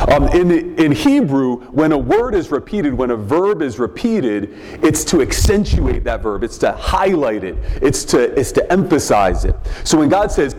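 A man preaching a sermon as pastor, teaching in a measured way and often repeating words as he goes. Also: fairly high pitch, big pitch swings, a little mellow. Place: church sanctuary. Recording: long reverb of a large hall.

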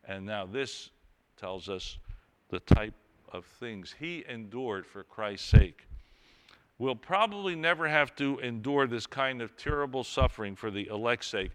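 A man's voice: mid-range voice, animated, unhurried, a bit bright, big-room sound. A man preaching a sermon, earnestly reading and explaining scripture with rising emphasis.

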